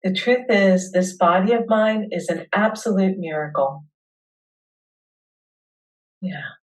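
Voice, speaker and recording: Woman, guided tapping session, unhurried affirmations, a little distant from the mic. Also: fairly low pitch, animated. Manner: slow, soothing guidance with spoken affirmations. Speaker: webinar host leading tapping practice.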